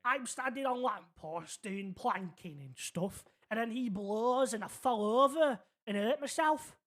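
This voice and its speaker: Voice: medium pitch, lively intonation, measured pace, a bit bright. Streamer putting on a clueless young guy, rambles on and on, keeps going "right?". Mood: earnest rambling. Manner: rambling, keeps checking the listener is following. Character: naive rambling young man, tractor-loving. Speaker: roleplay character in a city game. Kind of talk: in-character storytelling.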